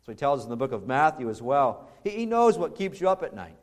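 A male pastor preaching a conversational sermon that builds to loud, emphatic peaks. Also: medium pitch, very animated, fast talker.

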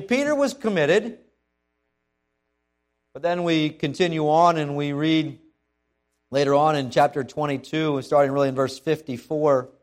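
A man preaching a sermon in a lively, conversational way, often restarting his sentences as he goes. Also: fairly high pitch. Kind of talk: sermon with dramatic scripture readings.

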